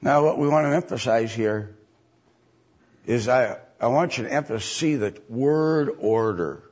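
A man's voice: medium pitch, animated, measured pace, darkish tone, husky. A man preaching a sermon, emphatic, with mocking voices when he quotes others. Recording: dull lo-fi recording.

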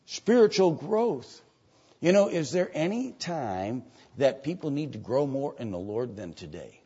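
A man's voice: medium pitch, lively intonation, a little slow, slightly rough. Older guy preaching, voice jumps all over, muffled lo-fi sound. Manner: swings from loud emphatic preaching to quiet asides; reads scripture aloud in old-fashioned wording. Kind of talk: sermon. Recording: dull lo-fi sermon recording.

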